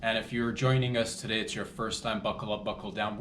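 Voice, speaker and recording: A man's voice: on the low side, fairly even intonation, fairly quick, hardly any pauses, a bit bright, echoey room, slight background noise. A man hosting a comedy podcast, rambling loosely with crude jokes and asides. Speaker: podcast host.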